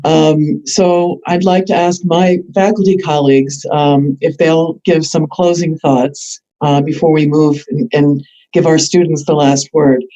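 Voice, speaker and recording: Gentle woman host, mellow muffled voice. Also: sits low, fairly even intonation, measured pace. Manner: gentle, emotional, gracious. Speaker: event host. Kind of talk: hosting a panel.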